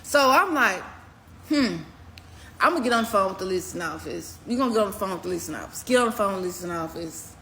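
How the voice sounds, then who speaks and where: A young woman telling a personal story in a casual storytime video, animated and profane, swinging between loud outbursts and low mutters. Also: quick pace, slight background noise. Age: young adult.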